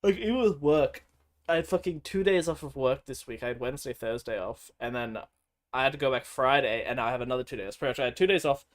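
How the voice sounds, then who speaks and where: A man's voice: medium pitch, fast. A man streaming and chatting casually over gameplay, rambling and swearing freely. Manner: rambling, crude and profane.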